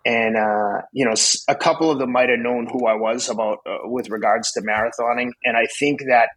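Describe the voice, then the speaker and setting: A husky man in his fifties tells his story as a podcast guest, at a middle pitch. He is blunt and excitable and swears freely as he talks. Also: fairly quick, poor audio. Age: 50s. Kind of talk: casual storytelling.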